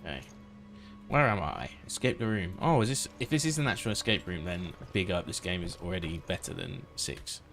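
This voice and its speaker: A man's voice: low-pitched, animated, a little fast, vocal fry, fairly bright tone. A man talking to himself in a wry, muttering way while playing a video game. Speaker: gameplay streamer. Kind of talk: casual let's-play commentary. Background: game music.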